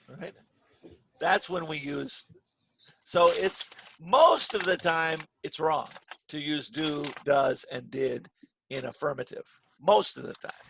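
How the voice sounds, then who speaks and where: Male English teacher, rough gravelly voice, fairly high pitch, patient and clear, video call mic, faint hiss. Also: very animated, measured pace, no echo. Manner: clear, patient, models stressed words loudly. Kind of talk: online grammar lesson. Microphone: computer mic on a video call.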